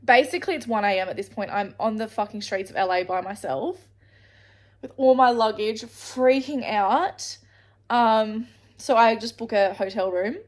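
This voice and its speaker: An Australian woman vlogging to camera, telling a rambling travel story and swearing freely along the way. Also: on the high side. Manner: rambling, swears freely, restarts mid-sentence.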